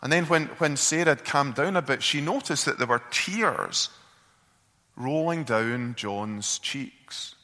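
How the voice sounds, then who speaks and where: Slow, bright-voiced male preacher. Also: mid-range voice, big-room sound. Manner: halting, repeats words, earnest. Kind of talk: sermon storytelling.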